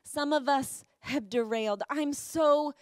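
High-voiced woman preaching a passionate sermon. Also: slow, a little mellow, no room sound, clean studio sound. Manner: impassioned storytelling, rising to emotional peaks. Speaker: pastor. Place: church.

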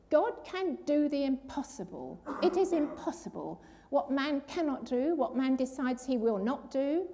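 A woman's voice: high voice, warm tone. An older woman giving an earnest personal testimony at a church, telling her story and acting out the voices of the people in it.

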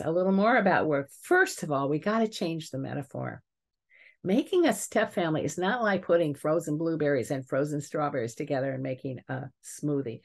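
Low-voiced woman teaching with stories. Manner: lively storytelling, chuckles at examples. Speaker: family psychologist teaching a webinar. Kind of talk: webinar lecture with case stories.

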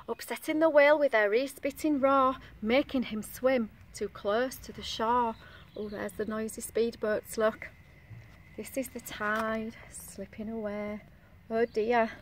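A woman's voice: a little high, steady tone, unhurried, a little hiss or hum. A woman reading a picture book aloud to young children in a sing-song voice, stopping to ask them questions.

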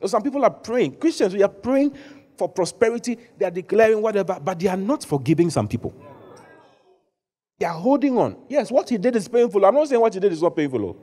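A man preaching a sermon to a congregation in a large church hall, animated, at times shouting. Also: sits high, a little fast. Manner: animated preaching, rising to shouts when acting out the story. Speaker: bishop preaching.

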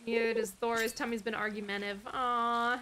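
A woman with a high-pitched voice narrates her live gameplay stream. She chats with viewers in a loose, exasperated way and swears often. Faint noise sits under her voice. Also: little pitch movement, moderate pace. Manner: talks softly to her dog between game moments.

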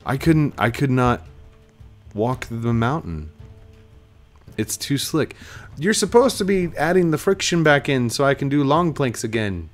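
A man with the sniffles giving casual let's-play commentary at home. He is excitable and bursts into laughter and high yelps. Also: measured pace, faint music behind. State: sniffly, stuffy nose. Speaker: gaming YouTuber.

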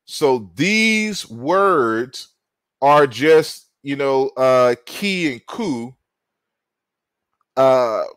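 Male lecturer talking through slides, slow and unhurried, stopping and restarting often; dry, close sound. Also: medium pitch, lively intonation, a bit bright, clear, resonant tone, no room sound. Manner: halting, many fillers and repeated words.

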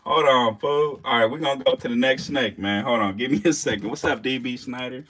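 A man's voice: mid-range voice, normal speed, bright, forceful tone. A man casually talking to the camera while feeding snakes, cursing, joking and laughing at himself. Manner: profane, joking, laughs at his own jokes; talks to the snakes and mice as he works. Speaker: snake keeper vlogger. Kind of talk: casual vlog talk to camera. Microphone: handheld camera, set down at times.

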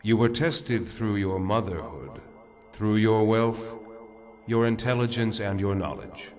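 An actor playing a calm religious counselor speaking in a solemn, measured way. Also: male voice, fairly low pitch, faint music behind, lightly acted.

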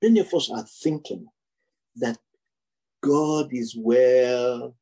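A man preaching a sermon, piling up rhetorical questions and repeated phrases with slow, drawn-out emphasis. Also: mid-range voice, dark tone, husky, rough recording.

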